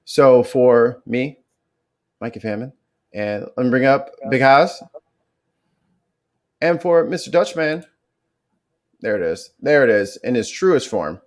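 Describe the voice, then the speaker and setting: A man's voice: mid-range voice, expressive, slow pace, pauses often, darkish tone. A man hosting a podcast, chatting casually and joking around as he wraps up the show. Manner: joking and playful. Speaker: podcast host.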